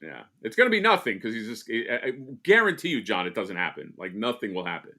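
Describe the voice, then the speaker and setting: A man's voice: on the low side, very animated, quick pace, sharp tone. A man co-hosting a casual live stream, rambling and joking with lots of fillers and restarts. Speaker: co-host.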